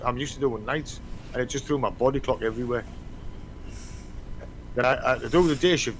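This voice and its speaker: A man's voice: medium pitch, a little hiss or hum, poor audio. A middle-aged man, hosting a casual podcast chat, rambling and swearing freely. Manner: rambling, swears often, trails off. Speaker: podcast host.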